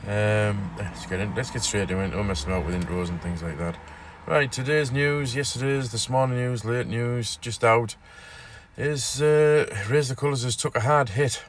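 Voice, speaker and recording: A man's voice: medium pitch, moderate pace, slight background noise. A man hosting his own casual news vlog, rambling and repeating himself with fillers as he talks. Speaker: vlogger.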